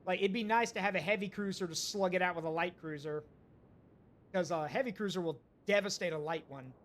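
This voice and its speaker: High-voiced man streaming a game. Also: fairly quick, a bit bright. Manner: thinks aloud, hesitant, talks to chat. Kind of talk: live gameplay commentary.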